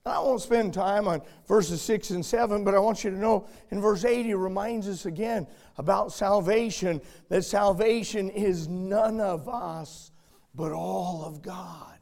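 A man with a high voice preaching a sermon. He talks slowly and deliberately. He shifts from soft storytelling to shouted emphasis.

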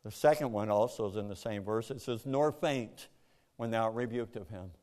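A man preaching a sermon to a congregation, animated, jumping into loud, high acted-out voices. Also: normal speed. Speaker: pastor.

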